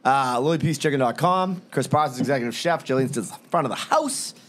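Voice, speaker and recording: A man with a middle-pitched voice reads sponsor plugs on a podcast. He is blunt and laid-back, dropping curses between addresses and menu items. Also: brisk. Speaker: podcast co-host. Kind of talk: casual chat, reading sponsor plugs.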